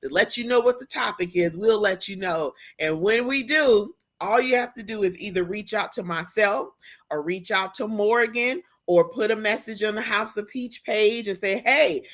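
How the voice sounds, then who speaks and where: A woman hosting a live-stream talk show, effusive and excitable, with a churchy way of talking. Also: medium pitch. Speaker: host.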